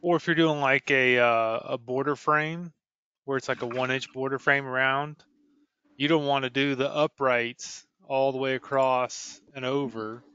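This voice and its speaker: A man hosting a technical webinar, explaining machine settings in a relaxed, chatty way. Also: mid-range voice, a little slow, clean tone. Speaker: laser tech webinar host. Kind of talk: casual technical chat. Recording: dull lo-fi webinar audio.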